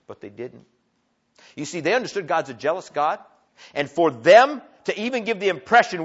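A man preaching a sermon, telling a story with big swings from quiet asides to loud, excited lines. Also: fairly high pitch, moderate pace. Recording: dull lo-fi sound.

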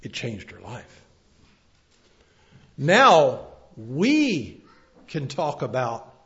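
Male preacher, middle-aged, slow and deliberate delivery, loud emphatic peaks and quiet lows. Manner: swings from loud emphatic cries to soft quiet words. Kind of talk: sermon. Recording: dull lo-fi sermon recording.

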